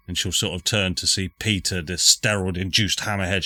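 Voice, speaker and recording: A man's voice: low-pitched, fairly even intonation, moderate pace, hardly any pauses, pushed and bright. A man narrating as game master of a tabletop game, chatty and casual. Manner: casual, chatty, self-correcting.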